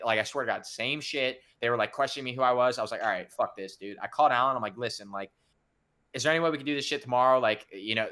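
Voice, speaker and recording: A young man tells a story at a fast clip in a bright, forward voice. He is loose and animated, swearing freely and acting out each person he talks about. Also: mid-range voice, clear, resonant tone. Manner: animated, swears a lot, acts out the people in his story. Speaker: podcast co-host telling a story. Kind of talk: casual storytelling chat.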